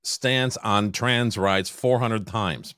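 A man's voice: on the low side, takes it slowly, fairly bright tone, no echo, clean studio sound. A man co-hosting a casual podcast who pushes back bluntly and sarcastically and swears now and then. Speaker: podcast co-host. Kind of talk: casual argumentative podcast banter.

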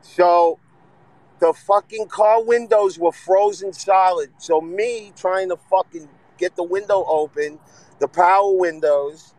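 A man's voice: high voice, slow pace, a little mellow, dry recording, poor audio. A man from Northern New Jersey chatting casually and profanely, talking on a phone while driving. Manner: profane, rambling storyteller. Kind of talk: casual chat. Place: driving a car. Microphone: phone in hand.

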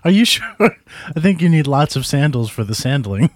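Wisecracking co-host, very animated pitch. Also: no room sound, studio quality. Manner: playful, wisecracking, quick to laugh. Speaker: podcast co-host. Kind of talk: casual chat, joking banter.

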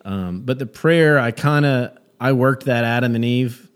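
A man who does stand-up comedy, a guest in a casual conversation, telling stories in a lively way with many restarts and false starts. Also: mid-range voice, a little slow, clear, resonant tone. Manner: animated storyteller, many restarts.

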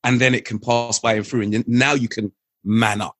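Husky, earnest man, dry close sound. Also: mid-range voice, fairly even intonation, fairly quick, dry recording. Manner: earnest, reflective, repeats key phrases for emphasis. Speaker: guest, father. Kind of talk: candid conversational interview.

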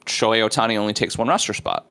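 A man's voice: on the low side, fast talker, creaky, sharp tone. A man on a sports talk panel, speaking in an emphatic, chatty way.

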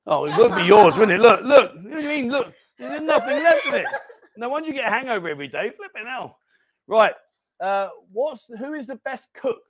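A man hosting a lively live-stream chat in a bar, bossy and jokey, calling everyone mate. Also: very high-pitched, a little fast. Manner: jokey, bossy banter, calls people mate. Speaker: host.

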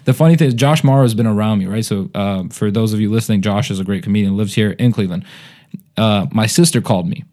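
A man's voice: lowish voice, fast, warm tone. A man with an American accent, a comedian hosting a podcast, talking in a thoughtful, rambling way with many fillers. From United States, Indian family. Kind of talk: casual chat.

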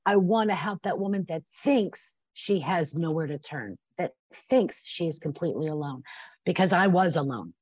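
A woman in her fifties talks as a podcast guest in a husky, fairly low voice. She speaks with passion and feeling, at times close to tears. The sound is dry and close to the mic. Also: animated, moderate pace, darkish tone, no echo. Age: 50s. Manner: passionate, emotional, sometimes teary with laughter. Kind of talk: podcast interview.

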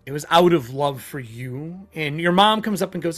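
Male game master, halting narration, slightly high voice. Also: expressive, fairly bright tone, soft background music.

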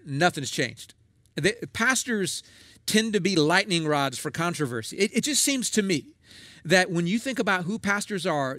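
A man's voice: high voice, fairly bright tone, dry recording, clean studio sound. A middle-aged male pastor, preaching a sermon in a conversational, folksy way with emphatic asides.

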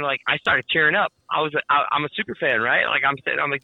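A man telling a story in casual chat, excitable and swearing constantly, with lots of "like.". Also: on the high side, quick pace, creaky, few pauses, dry recording, narrow, tinny audio.

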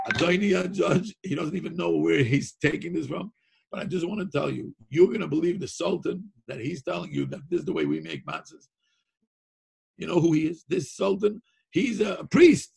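A man telling a Hasidic tale in an animated, excited way, laughing often and shouting at the high points. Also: vocal fry, breathy edge. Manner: sings a Yiddish-style tune. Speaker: storyteller.

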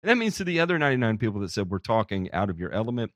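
A man's voice: fairly low pitch, very fast, no echo, studio quality. A man from Tennessee, hosting a live call-in show and joking with callers. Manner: joking, playful, animated. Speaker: fill-in host.

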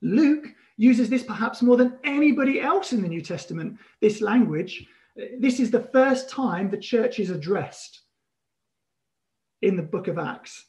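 High-voiced pastor preaching. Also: male voice. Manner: animated, storytelling with emphatic pauses. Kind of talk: sermon.

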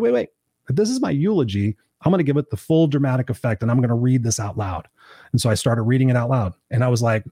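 Quick blunt guy, coach telling his story, cusses a bit, dry close sound. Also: medium pitch, a little mellow, dry recording. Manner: blunt, swears casually, vivid anecdotes. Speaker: guest, life coach and professional speaker. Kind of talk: candid storytelling in a podcast interview.

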